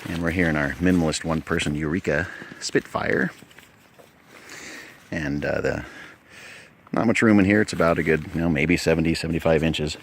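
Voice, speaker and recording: A man's voice: extremely low pitch, steady tone, normal speed, long pauses, noisy background. A man casually demonstrating camping gear inside a small tent, chatty and folksy, recorded on a handheld phone. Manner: chatty, folksy, thinking aloud. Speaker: outdoor gear reviewer. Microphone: phone held in hand.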